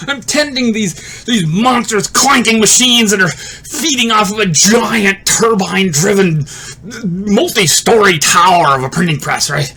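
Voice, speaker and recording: Man, very high voice, bright tone, animated casual storyteller, laughs and swears a lot. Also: a little slow, breathy edge. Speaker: video creator telling a personal story.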